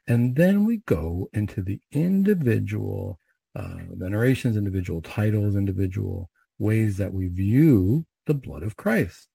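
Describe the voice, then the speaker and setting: A middle-aged man who leads recited prayers, then gives a measured, conversational spiritual reflection. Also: fairly low pitch, lively intonation, vocal fry, warm tone, husky, dry recording, poor audio. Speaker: Catholic prayer leader and speaker.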